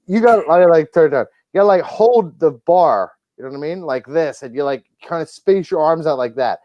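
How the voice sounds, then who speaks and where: A man's voice: fairly high pitch, animated, fairly quick, no room sound, highs cut off. A man hosting a casual wrestling podcast, a profane, rambling storyteller who acts out the people in his stories. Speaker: podcast host.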